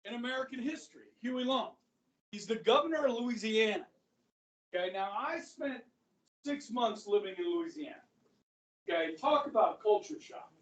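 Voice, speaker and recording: A male history teacher lecturing a class in a casual way. He often checks in with the students by saying "okay". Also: high voice. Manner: talks to students, says okay a lot. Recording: echoey classroom from a far mic.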